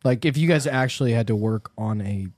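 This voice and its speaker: A man hosting a podcast in a relaxed way, laughing easily as he chats. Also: medium pitch, brisk, no room sound, clean studio sound. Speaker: podcast host. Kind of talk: casual chat.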